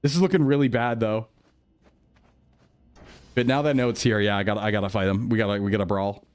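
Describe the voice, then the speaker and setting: A man's voice: lowish voice, fairly even intonation, fast, a little mellow, clear, resonant tone. A male streamer in casual gameplay chat, rambling to himself and his chat, jumpy and easily startled.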